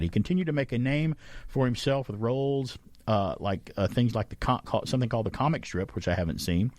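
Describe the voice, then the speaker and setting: A male radio host with a fairly low voice that rises and falls a great deal as he talks. He rambles in an easygoing way, often stopping to correct himself. The studio sound is close and dry. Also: darkish tone, no echo. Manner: rambling, chatty, self-correcting. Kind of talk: casual chat radio talk. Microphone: studio microphone.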